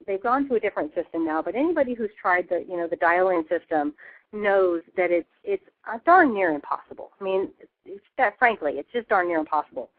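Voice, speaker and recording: A woman guest in casual chat, telling an excited story and acting out the voices in it. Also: on the low side, fairly quick. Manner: enthusiastic storyteller, acts out voices. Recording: tinny phone-line audio.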